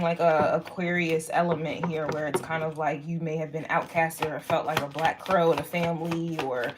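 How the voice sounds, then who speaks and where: A young woman giving a casual spoken astrology reading to viewers, rambling and frank, swearing freely and filling pauses with "like" and "um". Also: on the low side, background noise. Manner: rambling, frank and profane, lots of fillers. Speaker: tarot and astrology reader.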